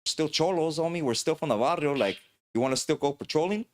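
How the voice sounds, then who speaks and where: A man's voice: a little high, expressive, fast. A man, hosting a podcast and telling stories in a slangy, rambling way. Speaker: podcast host. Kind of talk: casual podcast storytelling.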